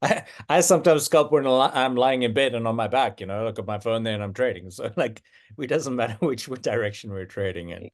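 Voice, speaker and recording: A man hosts a relaxed livestream, talking in a loose, halting way. He stumbles through restarts and fills the gaps with plenty of "uh"s and "um"s. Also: medium pitch. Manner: halting, with many fillers and restarts. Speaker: host. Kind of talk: casual livestream chat.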